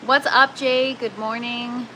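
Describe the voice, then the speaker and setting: A woman's voice: fairly high pitch, steady tone, slow pace, pushed and bright, a little hiss or hum, low-quality recording. A young woman hosting a casual livestream, chatty and laughing often as she greets viewers by name from an indoor grow tent. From Canada. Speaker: livestream host.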